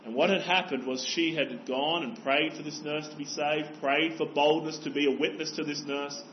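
A man's voice: on the high side, steady tone, normal speed, dull audio, slight background noise. A man preaching a sermon as pastor, earnest and exhorting, pressing his listeners with rhetorical questions.

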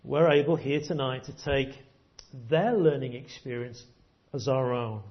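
A man's voice: medium pitch, a little slow, muffled recording. A man preaching a sermon, earnest, often repeating words as he stresses a point.

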